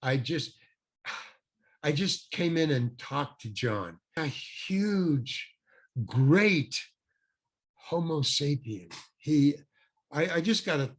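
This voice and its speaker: An older man, a guest actor, telling an anecdote in an animated way and acting out the people he quotes. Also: fairly high pitch, slow, long pauses. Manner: animated, acts out quoted voices. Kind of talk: anecdotal storytelling.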